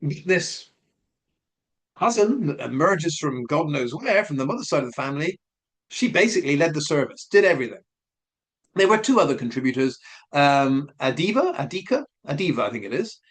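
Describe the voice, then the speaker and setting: Animated man musing aloud. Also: fairly high pitch, moderate pace. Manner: questioning, speculative, repeats points. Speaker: commentary vlogger. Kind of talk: casual spoken commentary.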